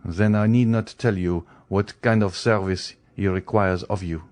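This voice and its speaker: A man's voice: sits low, fairly even intonation, measured pace, a little mellow. A man voicing an earnest, courteous physician. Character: earnest male physician, kind.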